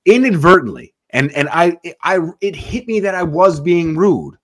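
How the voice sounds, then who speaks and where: A man's voice: high-pitched, lively intonation, moderate pace, no room sound. A man hosting a podcast in casual chat, rambling and swearing, restarting his words often. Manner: rambling, profane, repeats words when starting. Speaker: podcast host.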